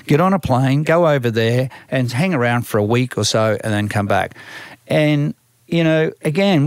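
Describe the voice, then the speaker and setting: A man's voice: mid-range voice, no room sound, clean studio sound. An older Australian man who manages a band, telling long rambling stories from his career in a casual interview, full of restarts and acted-out quotes.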